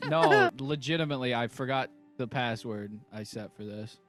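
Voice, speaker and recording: A man's voice: medium pitch, normal speed, a bit bright, faint music behind. Playful man playing a tabletop game. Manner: playful, teasing. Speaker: player. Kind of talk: casual play at a tabletop game.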